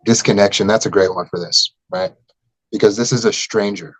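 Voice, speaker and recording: A man coaching a trauma recovery class in a conversational manner, acting out quoted people with sudden high-pitched voices. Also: fairly even intonation, a little fast, no room sound, rough recording.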